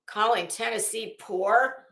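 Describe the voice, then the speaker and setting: A woman's voice: on the high side, fairly even intonation, slow pace, fairly bright tone. A woman hosting a live stream, reading chat messages aloud and giving catty, sarcastic gossip commentary with plenty of swearing. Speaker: livestream host. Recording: roomy echo.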